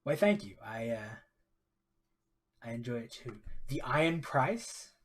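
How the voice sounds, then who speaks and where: A man's voice: medium pitch, sing-song, a little slow. A man narrating his solo tabletop role-playing game on a live stream, casual and hesitant, chatting with viewers. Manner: casual and hesitant, many ums, talks to chat.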